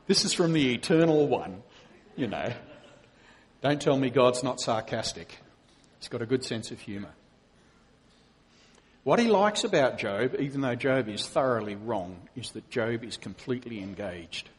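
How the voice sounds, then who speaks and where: Husky-voiced man preaching animatedly. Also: medium pitch, measured pace, long pauses. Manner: animated storytelling, acting out quotes. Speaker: preacher and professor. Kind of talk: conversational sermon.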